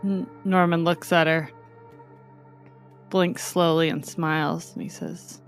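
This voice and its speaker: A woman's voice: lowish voice, flat delivery, slow, long pauses, soft background music. A woman narrating her character in a tabletop game, hesitant with many fillers. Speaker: player. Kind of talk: tabletop role-play.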